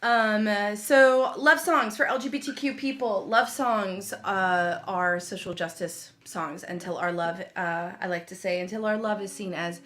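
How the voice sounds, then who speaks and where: A woman's voice: medium pitch, measured pace, hardly any pauses, a bit bright. A woman chatting casually on a livestream video call, bubbly and full of fillers and little laughs. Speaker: singer-songwriter host.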